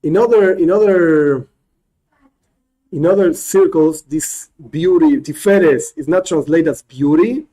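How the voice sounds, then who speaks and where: A male rabbi teaching a spoken class, animated, often restarting phrases and acting out examples. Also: fairly high pitch, a little slow, rough recording.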